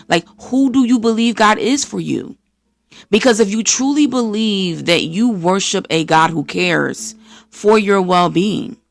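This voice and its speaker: Gravelly-voiced American woman preaching encouragement. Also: medium pitch, no room sound. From East Coast of the United States. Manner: energetic, preachy, acts out quoted voices. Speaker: podcast host. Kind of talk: faith-based motivational talk.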